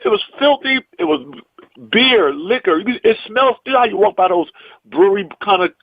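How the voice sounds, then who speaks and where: A man's voice: high-pitched, moderate pace, no room sound. A man from the US East Coast, a comedian telling a long anecdote on a podcast and acting out each quote, with salty language. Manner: animated, acts out every quote, salty language. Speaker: comedian guest. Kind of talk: storytelling anecdote. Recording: dull, dry podcast audio.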